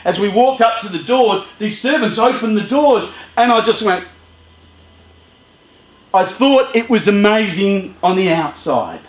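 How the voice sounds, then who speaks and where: High-voiced male storyteller in an echoey room. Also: expressive, unhurried. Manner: vivid, acting out his feelings and voices. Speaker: storyteller at a youth charity event. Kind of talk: dramatic first-person storytelling.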